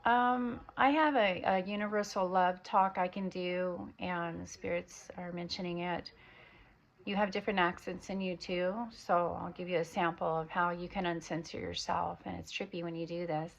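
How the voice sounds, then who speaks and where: A woman's voice: on the low side, steady tone, normal speed, creaky. A woman with an American accent speaking in a meandering spiritual monologue, drifting between topics with lots of fillers. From United States. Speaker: spiritual vlogger. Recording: dull lo-fi recording.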